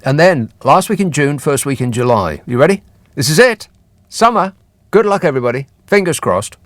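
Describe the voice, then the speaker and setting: A man's voice: fairly high pitch, very animated, normal speed, fairly bright tone, no echo. A man hosting a radio phone-in show, talking in a dry, sarcastic, teasing way. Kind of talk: late-night radio phone-in chat. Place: radio studio. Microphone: studio microphone.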